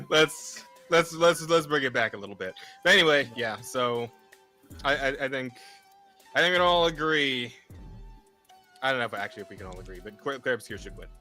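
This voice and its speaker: A man co-hosts a casual streamed podcast with a bright, forceful voice whose pitch swings widely. He swears freely, laughs often and trips over repeated words. Faint music sits under the talk. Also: expressive, brisk. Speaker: podcast co-host.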